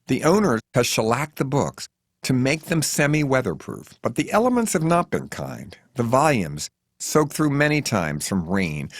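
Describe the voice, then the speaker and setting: A man reading his own memoir as an audiobook in a wry, deadpan way. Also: mid-range voice, no echo, clean studio sound. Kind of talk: audiobook narration.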